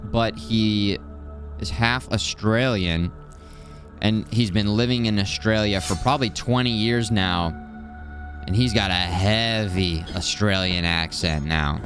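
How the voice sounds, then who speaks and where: A man from Missouri streaming a video game live, chatting in a relaxed, playful way with viewers. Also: lowish voice, slow, music in the background. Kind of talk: casual live gameplay commentary.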